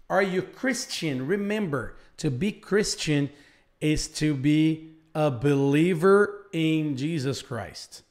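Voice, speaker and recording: A man from Brazil teaching a live online English lesson, speaking slowly and repeating phrases for learners. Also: fairly high pitch.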